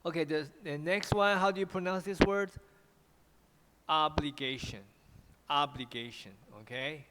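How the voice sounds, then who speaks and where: Halting Taiwanese-accented man teaching pronunciation. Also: high voice, fairly bright tone, in a large hall, slight background noise. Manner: halting, repeats words, switches between English and Mandarin. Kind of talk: online class teaching.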